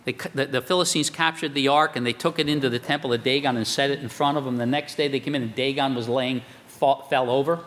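A man preaching a sermon as a pastor, animated and emphatic. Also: mid-range voice, quick pace, few pauses. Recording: long hall reverb.

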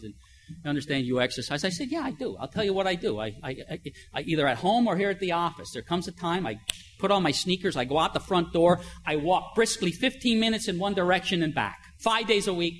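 An older pastor preaches conversationally, telling everyday stories and posing rhetorical questions. His voice is a little high and a bit bright, with slight background noise.

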